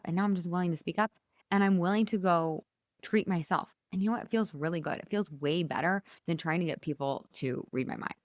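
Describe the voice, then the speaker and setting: A woman's voice: lowish voice, no room sound, clean studio sound. A middle-aged woman hosting her own podcast, talking straight to listeners in an enthusiastic, chatty, motivational way. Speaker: podcast host and coach. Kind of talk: solo motivational podcast talk.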